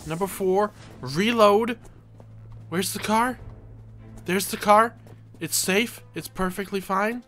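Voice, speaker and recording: A man giving excitable let's play commentary, reading game dialogue aloud and yelping when things go wrong. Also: high-pitched, slow pace, long pauses, soft background music. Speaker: gaming video creator.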